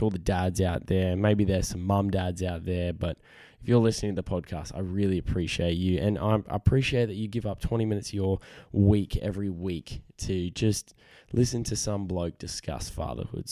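A young man hosting a casual solo podcast, husky from a cold, earnest and rambling, often repeating words. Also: sits low, warm tone, no echo, clean studio sound. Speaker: podcast host. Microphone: studio podcast microphone.

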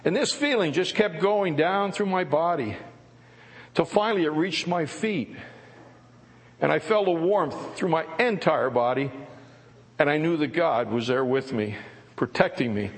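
An older man, a former prisoner of war, giving an earnest, reflective spoken testimony at a church service, with halting restarts. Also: on the high side. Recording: long reverb of a large hall.

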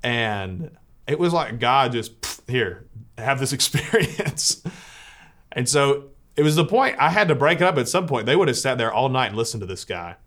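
Earnest man, mid-pitched, telling a story. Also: animated, a little fast, a bit bright. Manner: earnest, searching for words with frequent restarts. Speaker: Catholic priest. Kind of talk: reflective storytelling to listeners.

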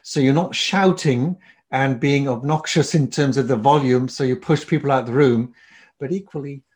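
Teaching public speaking in a presentation skills lesson, a man moves at a moderate pace. His delivery rises and falls in loudness and pitch as he explains and demonstrates.

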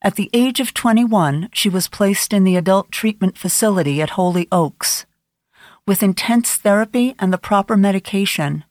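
A woman narrating an audiobook in a measured, grave storytelling manner. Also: medium pitch, a little mellow, no echo, clean studio sound. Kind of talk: scripted narration.

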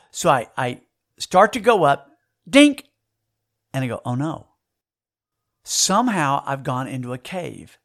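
A man, giving a folksy, animated storytelling sermon to young people. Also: a little high, vocal fry. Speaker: speaker at a youth camp.

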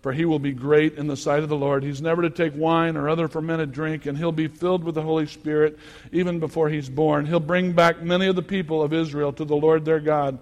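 A male pastor preaches a sermon in a high, bright voice that carries a long reverb through the church. He drops to quiet, teacherly talk and then climbs into loud exhortation. When he gets worked up, he repeats and stumbles over his words. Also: little pitch movement, a little fast, dull audio. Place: church sanctuary. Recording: long echo of a church hall.

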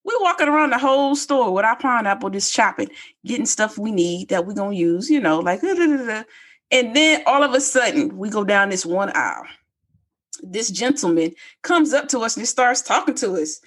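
A woman, co-hosting a podcast in casual chat and telling stories with high-pitched quoted voices. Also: lively intonation, normal speed, a bit bright, breathy edge. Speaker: podcast co-host.

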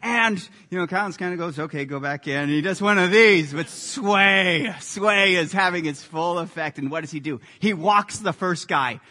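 Male pastor, sermon, high, bright voice, animated storyteller. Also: moderate pace, hardly any pauses, long reverb tail. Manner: animated storytelling with lively sports anecdotes.

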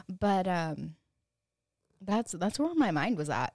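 In a clean studio recording with no room sound, this podcast host in her thirties delivers a casual solo monologue in a lowish, sing-song, darkish voice, speaking slowly and pausing often. She's rambling and candid, peppering her talk with "like" and "you know," and curses freely when quoting her younger self.

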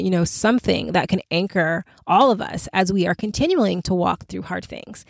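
A woman hosting a faith podcast, talking in an earnest, conversational, animated way to her listeners. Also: mid-range voice, gravelly, no room sound. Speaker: podcast host.

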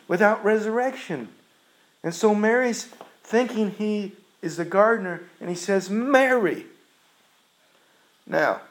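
A male preacher delivers a sermon with earnest emphasis. His voice sits a little high for a man, and he moves through the story at an unhurried, deliberate pace. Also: rough recording.

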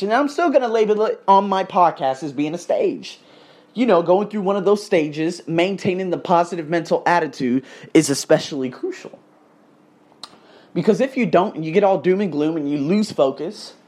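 Animated, rambling male podcast host. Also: fairly high pitch. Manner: rambling, animated, swears freely, addresses listeners as guys. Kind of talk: motivational monologue, casual storytelling.

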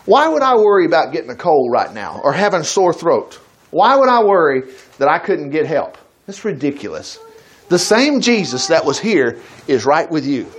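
At a normal speed, with frequent pauses, a man with a fairly high-pitched voice reads scripture during a sermon. He stops to address his congregation in a folksy, conversational manner, staying animated and breaking into acted quotes.

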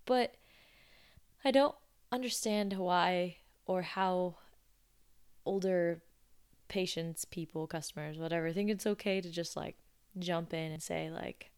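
A woman's voice: on the low side, a little slow, clean tone. A woman in her twenties telling stories in a chatty, sarcastic, casual way. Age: 20s. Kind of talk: casual storytelling.

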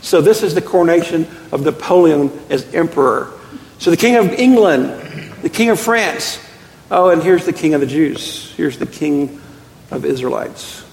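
A middle-aged man preaching a sermon as pastor, an animated storyteller with quick self-deprecating asides. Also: a little high, vocal fry. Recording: echoey hall with long reverb.

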